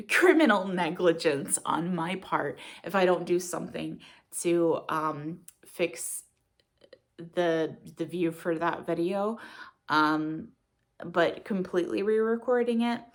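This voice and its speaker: A woman in her thirties, vlogging from home in the morning in a casual, rambling, reflective way, her voice gravelly as though she just got out of bed. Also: fairly low pitch. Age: 30s. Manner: rambling and reflective, with many fillers. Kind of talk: casual morning vlog chat.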